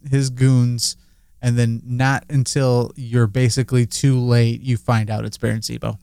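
A man co-hosting a casual chat show, talking in an animated, rambling way with lots of fillers. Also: medium pitch, measured pace, gravelly, clear, resonant tone, dry recording. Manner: animated, filler-heavy, laughs often. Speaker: podcast co-host.

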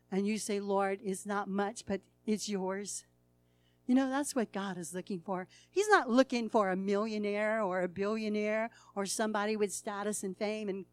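Preaching with a homespun, story-driven style, this medium-pitched woman occasionally laughs and acts out the people she describes. Her delivery swings from hushed to loud, and the recording has no echo.

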